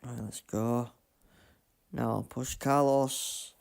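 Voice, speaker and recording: Slow-talking man muttering over gameplay. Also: medium pitch, steady tone, vocal fry. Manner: mutters to himself while playing, loud self-mocking outbursts. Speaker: gaming streamer. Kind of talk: live gameplay commentary.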